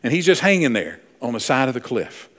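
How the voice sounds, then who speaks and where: A man's voice: medium pitch, big pitch swings, brisk. A man preaching a sermon, reading scripture aloud, earnest and swelling in volume for emphasis. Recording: long hall reverb in a church.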